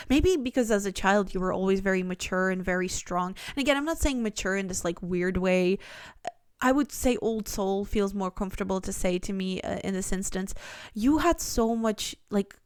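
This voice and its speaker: A woman's voice: medium pitch, moderate pace, clean tone, no room sound, clean studio sound. A woman giving a pick-a-card tarot reading, talking earnestly in a rambling way with lots of restarts. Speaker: tarot reader.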